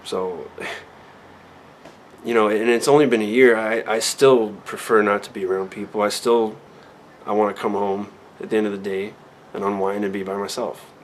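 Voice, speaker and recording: Man in his thirties, lowish voice, candid home vlog, rambling and reflective, faint room hum. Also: steady tone, moderate pace. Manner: reflective, rambling, many restarts and "like"s. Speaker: vlogger.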